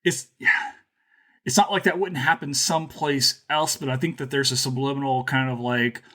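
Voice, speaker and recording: A man from Louisiana hosting a podcast, chatting casually with animated, joking asides. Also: medium pitch, normal speed. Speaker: podcast host. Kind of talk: casual chat.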